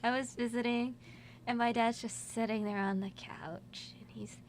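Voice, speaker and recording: Woman, higher voice, giggly, rambling, casual radio guest, faint hum. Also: fairly even intonation, moderate pace. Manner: giggly, rambling, laughs often. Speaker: musician guest. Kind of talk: casual radio interview chat. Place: college radio studio.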